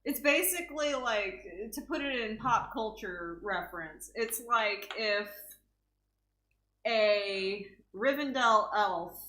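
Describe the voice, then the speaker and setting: A woman's voice: a little high, animated, takes it slowly, sharp tone. A young woman with a Texan accent, chatting casually and playfully, with strong opinions and frequent laughter. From Texas. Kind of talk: casual chat. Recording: echoey room.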